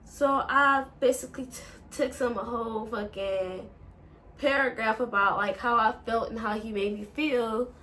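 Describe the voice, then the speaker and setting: A woman's voice: on the high side, fairly even intonation, measured pace, pushed and bright, a little hiss or hum. A woman vlogger, telling a breakup story in a rambling, emotional way and swearing a lot. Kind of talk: casual storytime.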